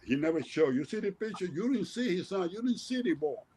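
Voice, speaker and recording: Older male guest, high-ish voice, animated laughing storyteller. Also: brisk, slight background noise. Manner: animated, laughing, acts out remembered exchanges with raised voice. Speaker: guest, retired baseball player. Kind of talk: casual storytelling on a talk show.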